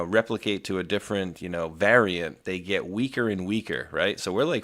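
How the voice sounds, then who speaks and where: Deep voiced guy cohosting a live stream, rambly and fired up. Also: fairly bright tone. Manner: rambling, with many restarts and asides; indignant. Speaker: co-host of a weekly live show. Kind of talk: casual political chat.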